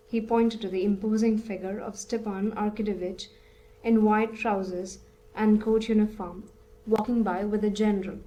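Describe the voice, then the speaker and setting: A woman narrating a classic novel as an audiobook in a steady, measured reading. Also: medium pitch, a little hiss or hum, low-quality recording.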